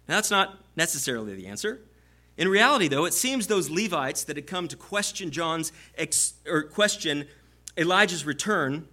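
A man's voice: fairly high pitch, bright, forceful tone. A male pastor preaching an expository sermon, reading scripture and stressing key points emphatically.

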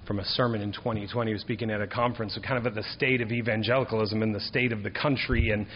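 A man's voice: steady tone, quick pace, slight background noise. Man, sermon, preacher, emphatic rises, long hall reverb, muffled sound. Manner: rises to emphatic, higher-pitched preaching on key points. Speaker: pastor.

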